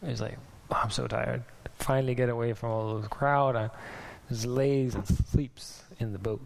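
Man, pastor, casual sermon, gravelly, laughs often, faint hiss. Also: mid-range voice, steady tone, moderate pace, a little mellow. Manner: chatty, laughs often, acts out voices.

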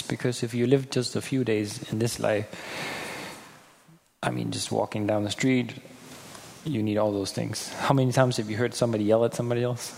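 A man's voice: medium pitch, fairly even intonation, normal speed, vocal fry, a little mellow. A man preaching a sermon earnestly, acting out quoted people now and then, in a church hall. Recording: hall reverb with faint ambience.

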